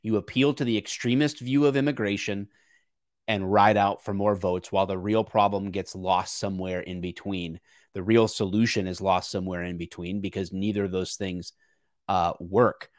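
Casual political talk comes from a male podcast co-host who is earnest and searching, frequently restarting his thoughts. His deep voice has fairly even intonation at a normal speed. The studio-quality recording carries no room sound.

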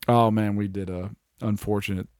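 A man's voice: lowish voice, steady tone, moderate pace, darkish tone, no echo, clean studio sound. A man in his thirties co-hosting a podcast, joking crudely and swearing often in casual chat. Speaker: podcast co-host.

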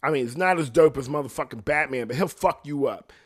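A young adult man with a mid-range voice chats casually at a brisk pace, rambling, swearing, and laughing often.

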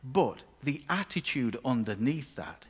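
A man's voice: mid-range voice, sing-song, unhurried, breathy edge. A man preaching a sermon as pastor, conversational and with playful asides.

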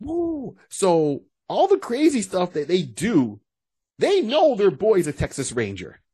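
A man co-hosting a casual podcast, animated and breaking into quoted voices as he talks. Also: high voice, slow pace, husky, no room sound. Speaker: podcast co-host. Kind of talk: casual chat.

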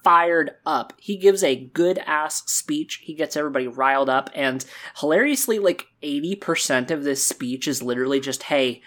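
A woman co-hosting a casual discussion about a video game's story, talking in an animated way with quick asides. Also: low-pitched. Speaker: podcast co-host.

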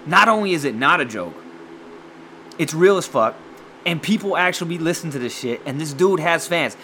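A man chatting casually and profanely as he reacts to music, excitable and rambling. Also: fairly high pitch, brisk, a little hiss or hum. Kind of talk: casual chat.

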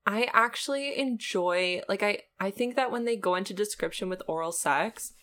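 A woman co-hosting a chatty podcast, quick to laugh and riffing on the romance novel her co-host reads aloud. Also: mid-range voice. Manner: animated, quick to laugh and riff on the text. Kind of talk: casual chat.

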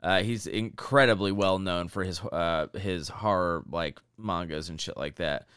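A man chatting casually on a podcast, rambling through stories with frequent fillers and restarts. His voice sits low and stays smooth and clear. The recording is dry and close. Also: measured pace, a bit bright, dry recording. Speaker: podcast co-host. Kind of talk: casual chat.

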